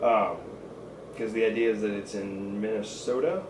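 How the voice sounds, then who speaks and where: A man chatting casually as a co-host, wandering through his thoughts with plenty of ums and restarts. His voice sits at an ordinary pitch. He sounds a little distant from the mic, in a roomy space with faint background noise. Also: fairly even intonation, normal speed. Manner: rambling, many fillers and restarts. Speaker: podcast co-host. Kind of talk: casual chat.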